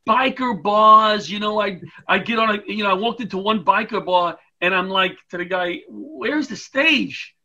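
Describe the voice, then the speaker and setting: A middle-aged man tells stories as an interview guest, his voice pitched high. He talks in a bright, forceful way and slips into voices for the people in his anecdotes. He is heard over a video call. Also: moderate pace, few pauses. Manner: animated, comic, acts out voices in anecdotes. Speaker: guest, retired firefighter and comedian. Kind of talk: storytelling interview chat.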